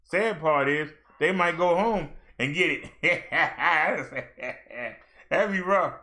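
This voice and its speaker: A male minister chatting casually on a livestream, joking freely between updates. His voice sits fairly high with a bright, forward ring. He lifts with excitement whenever the news turns good. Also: drawn-out words. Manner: chatty, jokey, excited when reading numbers.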